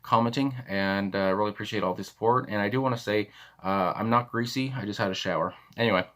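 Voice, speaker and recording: A young man with a deep, low voice talks casually about a song he just heard for his channel. He rambles, restarts his sentences and fills the gaps with plenty of "uh"s. The delivery is relaxed and unscripted, like someone thinking out loud. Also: fast talker. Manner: rambling, many fillers and restarts. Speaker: music reaction channel host. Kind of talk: casual reaction commentary.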